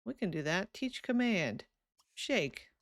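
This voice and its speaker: A woman's voice: medium pitch, big pitch swings, slow pace. A young woman streaming a life-sim game, chatting casually and giggling as she talks to her characters, sleepy and yawning. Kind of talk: casual live game commentary.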